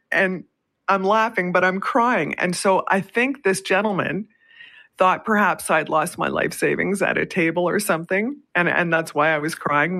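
A woman's voice: on the low side, sharp tone. A woman radio host from Canada, chatty, telling a story and laughing often between phrases. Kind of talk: storytelling on a call-in radio show.

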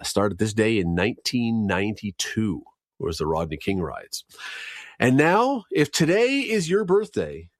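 A low-pitched man with a lively, swinging delivery runs through news bits and trivia like a radio host. His tone is chatty and wry, and the sound is dry and close to the mic. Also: unhurried, dry recording. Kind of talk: casual news and trivia chat.

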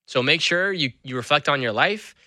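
An author and school speaker, appearing as a guest in a conversational interview, tells stories animatedly. His voice is fairly high and moderately paced, recorded with clean studio sound and no room sound.

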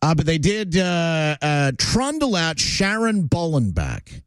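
A man's voice: on the high side, very animated, slow, smooth, no echo. A man hosting a talk radio show, opinionated and sardonic, with lots of "uh" fillers. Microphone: studio broadcast mic.

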